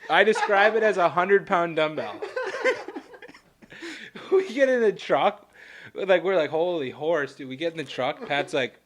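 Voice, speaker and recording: A man co-hosting a casual podcast, telling animated stories with frequent laughter and casual swearing. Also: a little high, unhurried, pauses often, a little hiss or hum. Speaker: podcast co-host. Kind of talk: casual storytelling chat.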